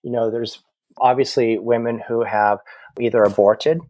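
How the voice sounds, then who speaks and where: A man's voice: mid-range voice, steady tone, moderate pace, a little mellow, dry recording. A man working as a medium, a podcast guest telling stories in a chatty way over a video call from home, often repeating his words. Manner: chatty storyteller, frequent repetitions. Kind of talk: casual conversation.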